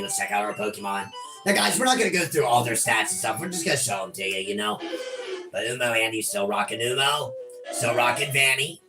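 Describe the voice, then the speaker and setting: A man hosting a casual gaming session, joking around, swearing and calling everyone bro and buddy. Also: mid-range voice. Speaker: gaming channel host. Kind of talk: casual let's-play banter. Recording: music playing behind the voice. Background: game music.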